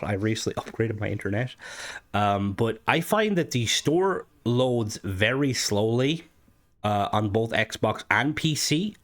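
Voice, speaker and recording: A young man giving casual gaming news commentary as a content creator, talking in a rambling way with frequent hesitations and restarts. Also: medium pitch.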